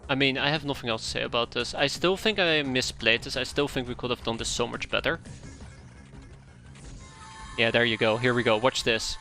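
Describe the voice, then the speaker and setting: Bright-voiced exasperated male gamer. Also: normal speed, soft background music. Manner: exasperated, complains aloud, voice jumps high when upset; repeats himself, swears. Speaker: streamer. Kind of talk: live gameplay commentary.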